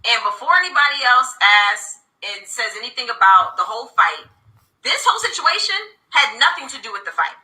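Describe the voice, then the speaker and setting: A woman in her thirties tells her story in a candid interview, emphatic and indignant. Her voice is piercingly bright and sits a little high. The recording has a roomy echo. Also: big pitch swings. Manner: emphatic, indignant, fast-talking. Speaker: reality TV cast member.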